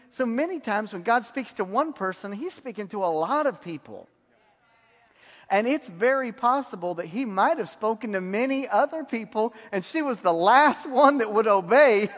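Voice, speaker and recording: High-voiced man preaching in a hall. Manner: animated storytelling, laughs often. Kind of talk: sermon testimony.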